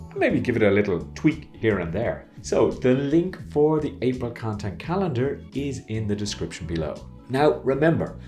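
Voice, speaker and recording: An Irish man hosting an upbeat marketing video, playful and animated with jokey asides. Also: medium pitch. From Ireland. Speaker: host.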